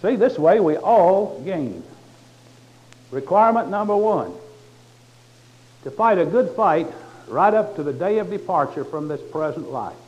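A man's voice: on the high side, expressive, moderate pace. Folksy preacher man, muffled recording. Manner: folksy, conversational preaching with humor. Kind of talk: sermon.

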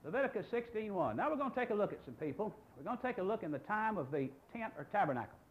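A man's voice: high-pitched, big pitch swings, quick pace, dull audio, slight background noise. A man in his sixties, a pastor preaching a sermon, emphatic and full of rhetorical questions. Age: 60s.

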